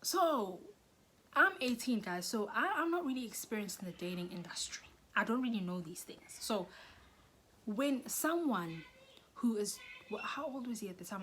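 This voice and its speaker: A young South African woman telling a storytime vlog, animated, often dropping into whispers and rising into shrill bursts. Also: normal speed, a little hiss or hum. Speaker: YouTuber.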